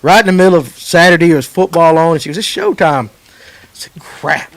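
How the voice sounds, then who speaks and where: High-voiced man rambling stories. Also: steady tone, fast, smooth. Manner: rambling storyteller, jokey. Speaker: podcast host. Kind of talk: casual joking chat.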